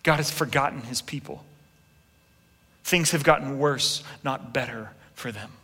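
A man in his thirties preaching a sermon with animated storytelling, acting out quotes and making asides to his congregation. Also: mid-range voice, a little slow, slightly rough. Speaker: pastor. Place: large church hall. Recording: long reverb in a big hall.

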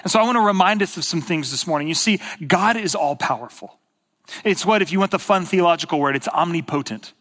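A male pastor speaks in a sermon with an easy, chatty storytelling flow. His voice sits a little high, and a long reverb trails each phrase through the big sanctuary. He swings from emphatic bursts down to near-whispered quiet. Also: animated, quick pace. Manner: conversational storytelling, rises to emphatic bursts, drops to hushed quiet. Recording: long reverb of a large hall.

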